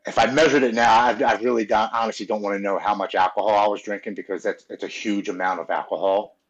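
A man from Maryland, a podcast guest, telling his own recovery story in an earnest, halting, emotional way. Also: fairly low pitch, steady tone. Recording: dull, muffled audio.

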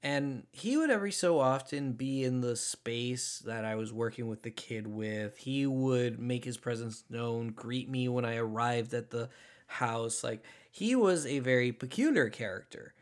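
Casting: man, casual storyteller, emphatic and animated, stumbling restarts. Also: medium pitch, a little slow. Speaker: former social worker telling a story.

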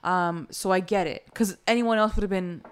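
Expressive woman chatting about a show. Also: medium pitch, moderate pace, smooth. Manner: expressive, acts out quoted lines with laughs. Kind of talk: casual chat recapping a TV episode.

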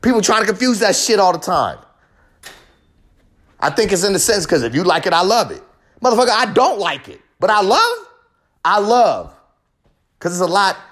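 A man's voice: sits high, fairly bright tone. A man delivering a confessional monologue in a heated, profane, emphatic rant, hammering home short repeated phrases.

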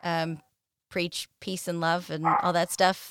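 A woman's voice: lowish voice, level tone, normal speed, smooth, dry recording, clean studio sound. A woman hosting a casual podcast, laughing often and using lots of fillers. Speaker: podcast host.

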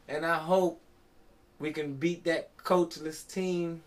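A man's voice: a little high, fairly even intonation, unhurried. A tipsy man hosting a podcast, rambling casually and profanely, with a constant "you know what I'm saying.". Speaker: podcast host.

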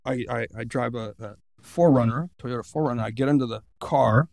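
A man's voice: mid-range voice, brisk, gravelly, a little mellow, dry recording, clean studio sound. A man, a podcast guest, earnestly retelling a personal story and voicing his own inner thoughts.

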